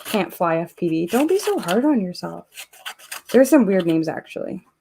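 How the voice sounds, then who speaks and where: A woman's voice: on the low side, big pitch swings, moderate pace, noisy background. A Canadian woman hosting a live stream, chatting casually and reading viewer comments aloud as she works. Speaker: host of a live giveaway stream.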